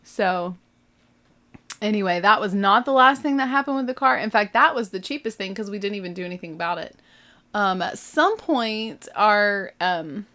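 A middle-aged woman casually telling a family road-trip story, acting out everyone's lines with lively, rising panic. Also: mid-range voice. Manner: animated, acts out family dialogue with rising panic.

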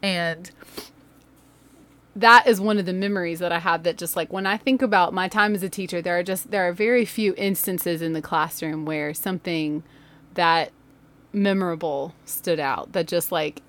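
Recording from a laundry room home studio, a woman podcast host and ex-teacher delivers a storytelling monologue about something funny that happened in her class. Her voice is lowish and her pace normal, and she laughs a lot, stays animated and performs the voices.

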